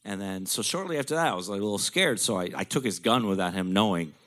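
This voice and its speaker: A man's voice: lowish voice, animated, fast talker, a bit bright. A man telling a candid personal story in a blunt, profane, conversational way.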